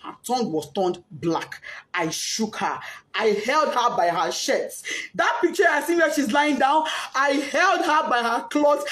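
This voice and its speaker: A woman's voice: high-pitched, expressive, a little slow. Grief-stricken Nigerian woman, impassioned. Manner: impassioned, swinging between shouting and hushed speech. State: grief-stricken, often crying. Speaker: bereaved mother. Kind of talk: emotional spoken testimony. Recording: echoey room.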